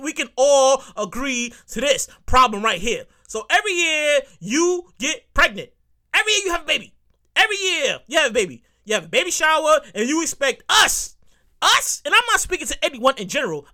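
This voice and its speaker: Hosting her own podcast, a woman delivers a loud, profane solo rant played for comedy. Her high, bright voice swoops widely in pitch as she repeats lines for emphasis and addresses her listeners directly.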